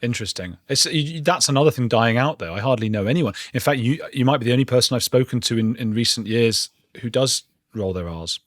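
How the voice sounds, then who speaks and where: A man's voice: mid-range voice, fast, hardly any pauses, fairly bright tone, no room sound, clean studio sound. A man hosting an interview, asking curious, chatty questions in loose phrasing. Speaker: podcast host and interviewer.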